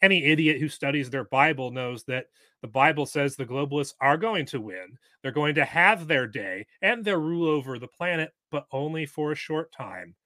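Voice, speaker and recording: A man's voice: fairly high pitch, expressive, normal speed, pushed and bright, no echo. A man speaking as a podcast guest in an emphatic, lecturing way. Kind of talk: casual interview chat.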